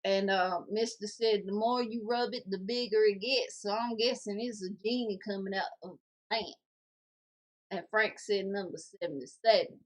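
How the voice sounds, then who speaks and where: A woman co-hosting a casual podcast, reading viewer comments aloud in a jokey, animated way. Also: mid-range voice, normal speed.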